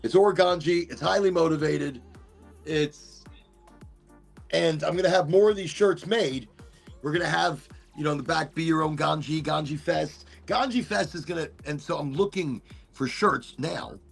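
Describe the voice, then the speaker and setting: A man's voice: on the high side, moderate pace, creaky, slightly rough, faint music behind. A man hosting a casual podcast chat, rambling and laughing as he interrupts himself. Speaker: podcast host.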